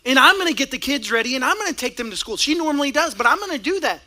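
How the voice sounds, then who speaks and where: Animated bright-voiced man preaching. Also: very high-pitched, very fast. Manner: animated, acts out both sides of a couple's quarrel, laughs along. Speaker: pastor. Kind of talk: sermon with acted-out stories.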